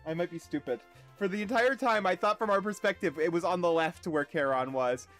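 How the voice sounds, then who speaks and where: A man with a high, slightly bright voice streams a video game over soft background music. He chats casually and profanely with his viewers, mocking himself and tossing quick asides to chat.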